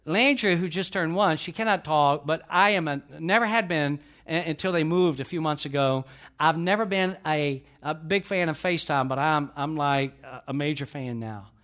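Older man, pastor, sermon, folksy, slightly high voice, questions to congregation. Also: moderate pace, fairly bright tone.

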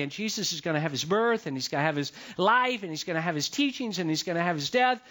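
A man's voice: a little high, expressive, fast talker, few pauses, sharp tone. A man preaching a sermon as pastor, talking in a conversational, repetitive way and checking in with the congregation.

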